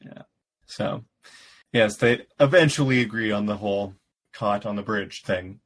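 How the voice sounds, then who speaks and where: Man co-host, low voice, laid-back chatty recap with frequent laughs. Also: measured pace. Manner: relaxed, laughs often while retelling. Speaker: podcast co-host. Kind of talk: casual chat recapping a story.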